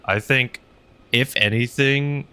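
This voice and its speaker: A man's voice: mid-range voice, takes it slowly, sharp tone, clear, resonant tone. A young man streaming a game, chatting casually while he flies and reads chat, rambling with lots of fillers. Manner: rambling, filler-heavy, laughs often. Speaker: streamer flying a helicopter.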